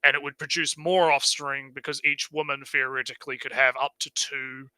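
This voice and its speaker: Bright-voiced Kiwi man, casual chat. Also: mid-range voice, level tone, moderate pace, clear, resonant tone, dry recording, low-quality recording. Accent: New Zealand. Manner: rambling, swears, laughs often. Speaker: podcast co-host.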